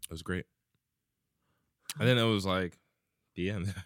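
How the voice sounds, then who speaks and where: A man in casual podcast banter who tells movie plots in a dry, wry way. His voice is low and smooth, and the recording is close and dry. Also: a little slow, no echo. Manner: wry, deadpan movie recaps. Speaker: podcast co-host.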